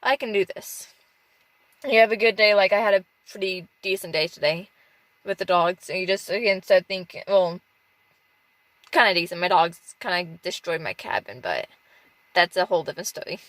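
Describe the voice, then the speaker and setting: A woman talking candidly and emotionally in a personal vlog from inside her parked car, halting and rambling as she speaks. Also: on the low side, fairly bright tone, dry recording, rough recording. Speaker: off-grid dog musher vlogger.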